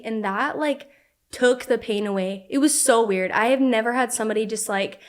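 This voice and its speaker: Chatty young woman with a slightly high voice. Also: moderate pace. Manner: animated, frequent "like" fillers, acts out quotes. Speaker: podcast guest. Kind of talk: casual storytelling.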